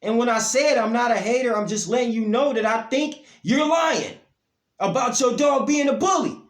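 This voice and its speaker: A man, ranting bluntly about dog breeding, his voice swinging from low grumbles to loud outbursts. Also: normal speed, reverberant. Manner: blunt, profane, heated, pitch and loudness swinging up and down. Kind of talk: ranting monologue to camera.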